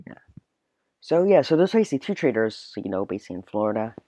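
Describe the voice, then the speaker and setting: A man's voice: lowish voice, very animated, fast, warm tone. A man hosting a solo podcast, ranting in a rambling way full of filler words. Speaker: podcast host. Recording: dull, dry, lo-fi recording.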